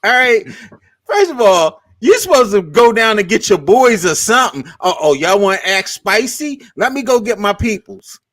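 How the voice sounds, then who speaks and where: A man's voice: sits high, big pitch swings, moderate pace, a bit bright. A man, co-hosting a casual sports show and ranting with mocking impressions.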